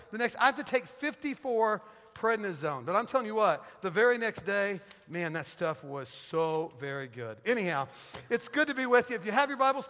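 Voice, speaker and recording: High bright-voiced guy preaching, jokey storyteller, church reverb all around. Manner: joking, animated storytelling. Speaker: guest pastor. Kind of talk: sermon with storytelling. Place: church sanctuary.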